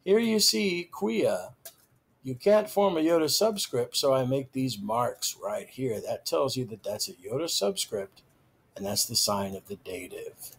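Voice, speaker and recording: A man teaching a recorded grammar lecture, slow and deliberate, stressing each key term. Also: medium pitch, animated, gravelly, breathy edge.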